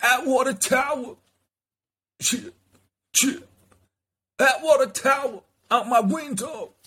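A boastful hype-man rapper voice, pitched far above the speaker's own and delivered as a string of bragging catchphrases, as a man puts it on. The words come out slow and drawn-out, with swagger, and the speaker sounds set back from the mic. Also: sharp tone, slightly rough, full character voice.

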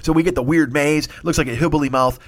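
A man's voice: fairly high pitch, fairly even intonation, quick pace. A man hosting a comedy show, riffing through a profane, improvised rant and slipping into silly voices. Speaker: comedy podcast host.

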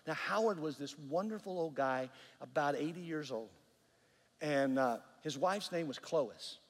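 A man preaching a sermon, telling a story with earnest, animated delivery and repeated words. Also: fairly high pitch, moderate pace, big-room sound. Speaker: pastor.

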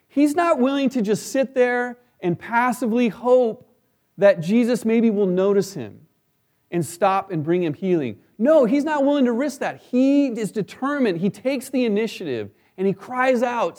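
A man's voice: sits high, animated, measured pace, darkish tone. A man preaching a sermon in a conversational way, often checking in with listeners by asking "right?". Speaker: pastor.

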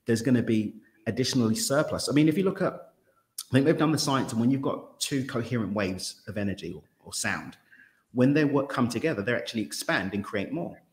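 A man's voice: mid-range voice, fairly quick. A man as a podcast guest, talking in an expansive, reflective way and now and then tripping over his words. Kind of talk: casual conversational interview.

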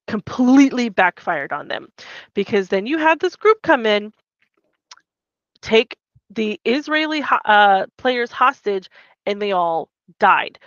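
A woman's voice: medium pitch, fairly bright tone, no room sound. Woman podcast host, casual recap, acts out quotes, muffled lo-fi sound. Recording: dull muffled mic.

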